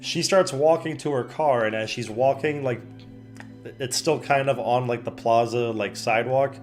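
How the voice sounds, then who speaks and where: A young man streaming from home, casually telling a story and acting out the other people's voices with big pitch jumps. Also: normal speed. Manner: animated, acts out quotes with pitch jumps. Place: home room. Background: soft background music.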